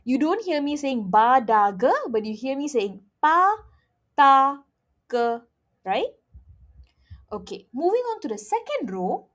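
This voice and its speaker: A woman's voice: sits high, sing-song, a little slow, long pauses. A woman teaching a language lesson, patiently demonstrating sounds and often checking in with "okay?". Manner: demonstrates sounds by drilling syllables aloud.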